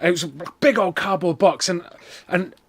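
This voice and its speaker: A man streaming a game, telling a rambling story in a lively, animated way with lots of fillers. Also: high voice, normal speed, a crowd in the background. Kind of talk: casual storytelling while gaming.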